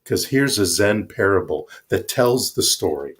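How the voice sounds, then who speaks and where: A male minister giving a sermon, speaking in a slow, reflective and emphatic way. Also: fairly low pitch, lively intonation.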